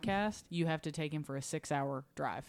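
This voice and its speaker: A woman co-hosting a podcast, joining casual chat with quick, dry teasing remarks. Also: low voice, vocal fry. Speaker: podcast co-host.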